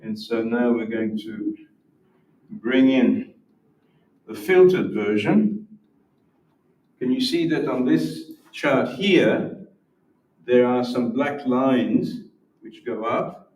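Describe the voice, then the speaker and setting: A man's voice: mid-range voice, expressive, slow pace, pauses often, a little mellow. A man giving an academic lecture with demonstrations, explaining patiently and often restarting his words. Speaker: symposium presenter. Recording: roomy echo from far off.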